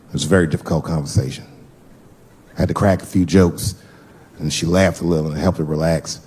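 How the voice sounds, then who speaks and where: A man's voice: low voice, steady tone, quick pace, pauses often, a little mellow, slightly rough. A middle-aged man on stage doing a stand-up routine, telling a story loosely and acting out the quoted lines. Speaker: stand-up comedian. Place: comedy stage before an audience. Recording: noisy live stage recording.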